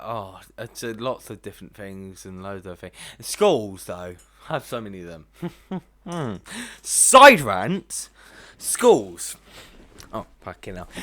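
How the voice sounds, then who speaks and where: Animated, lively young man ranting. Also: fairly high pitch. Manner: animated ranting, heavy swearing, laughs often. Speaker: reaction video host. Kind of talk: casual reaction commentary.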